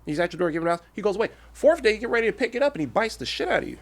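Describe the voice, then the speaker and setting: A man's voice: sits high, sing-song, rapid-fire, few pauses. Thirties guy talking straight and salty, voice jumps all over, tells fables and acts them out. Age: 30s. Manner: blunt, profane storyteller who acts out animal fables. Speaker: guest. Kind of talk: casual interview.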